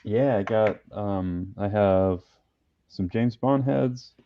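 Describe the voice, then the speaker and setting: A man on a live stream call giving relaxed, terse replies about his work. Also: on the low side, takes it slowly, clean tone, dull audio. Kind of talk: casual chat on a live stream.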